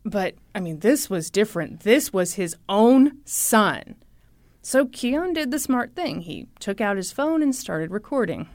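A woman host telling a story in a lively chat, acting out the quotes. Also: mid-range voice, unhurried, no echo. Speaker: podcast host.

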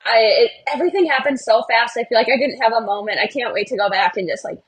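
A woman's voice: fairly high pitch, quick pace, breathy edge. Earnest young woman runner, podcast guest. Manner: emotional, earnest, bubbly storytelling. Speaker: guest, Olympic marathon runner. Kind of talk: podcast interview.

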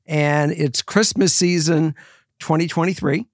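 A man co-hosting a podcast in casual chat, playful and given to loud excited bursts. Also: on the high side, measured pace, no echo, studio quality. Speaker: podcast co-host.

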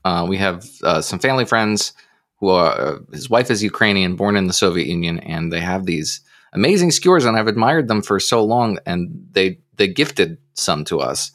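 A man on a podcast panel, speaking in a measured way with frequent filler pauses. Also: sits low, animated, a bit bright. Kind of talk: casual panel chat.

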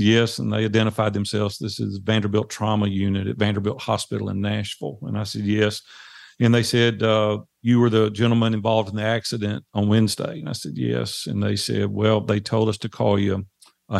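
A man's voice: fairly low pitch, gravelly, darkish tone, no room sound, studio quality. A man in his forties telling a personal story in an earnest, plain conversational way, with frequent fillers.

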